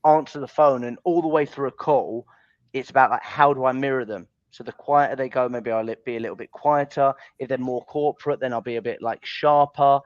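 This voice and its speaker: A chatty man speaking over a video call, acting out little sales-call examples. The audio is dry and somewhat dull. His pitch sits mid range. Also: steady tone, brisk, no room sound. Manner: loose and chatty, full of fillers, acts out calls. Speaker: sales trainer guest. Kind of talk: casual webinar chat.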